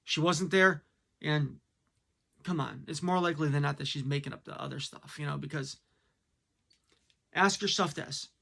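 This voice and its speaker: A man's voice: a little high, moderate pace, creaky, long pauses, bright, forceful tone. A man giving a blunt, casual opinion monologue, full of fillers and rhetorical questions. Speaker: commentator.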